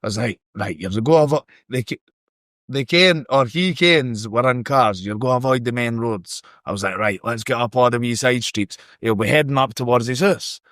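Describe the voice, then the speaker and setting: A Scottish man telling a story on a podcast, in a casual, animated and sweary way. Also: mid-range voice, normal speed, dry recording, studio quality. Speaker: podcast guest.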